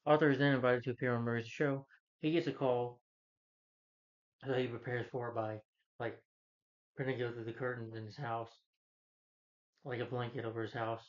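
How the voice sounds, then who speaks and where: A man talks through a film's story in a loose, rambling way, piling on fillers and starting sentences over. His voice sits at a middling pitch. The recording sounds a little muffled and dull. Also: little pitch movement, moderate pace, long pauses. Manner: rambling, filler-heavy retelling with frequent restarts. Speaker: film reviewer. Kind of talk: casual spoken film recap.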